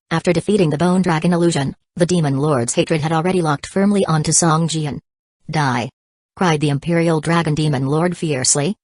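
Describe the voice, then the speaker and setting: A woman narrating a fantasy novel audiobook in an even, unhurried reading. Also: low voice, no echo. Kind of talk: scripted narration.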